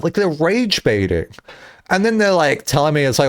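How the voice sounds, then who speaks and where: A slightly high, smooth male voice at normal speed belongs to a young man streaming casually; he meanders through animated tales, swears a lot, and laughs often.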